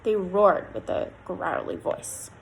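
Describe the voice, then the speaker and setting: A woman storyteller reading a fairy tale aloud in an expressive, lilting way. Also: fairly low pitch, takes it slowly, creaky, a little hiss or hum, rough recording.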